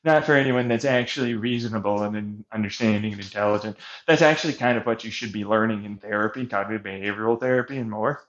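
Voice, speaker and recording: A man ranting with profanity over gameplay, swinging between shouted mockery and low mutters. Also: lo-fi sound.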